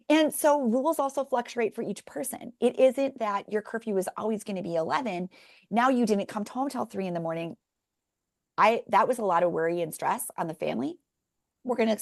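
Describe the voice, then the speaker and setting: Dry-voiced middle-aged woman, animated storyteller. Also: medium pitch, creaky, dry recording. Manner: animated storyteller, talks through examples. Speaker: podcast guest, parenting author. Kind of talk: conversational interview.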